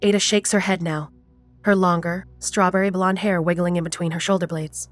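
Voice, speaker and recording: A woman narrating a horror story in a measured, even storytelling manner. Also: fairly low pitch, faint music behind.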